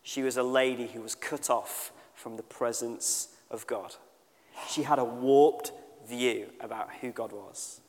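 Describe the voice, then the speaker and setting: A man giving a sermon at a church service, talking in an earnest, conversational way and slowing down to stress key points. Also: medium pitch, steady tone, long reverb tail. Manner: conversational and earnest, slows down for emphasis. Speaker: church speaker. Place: church service with a live band.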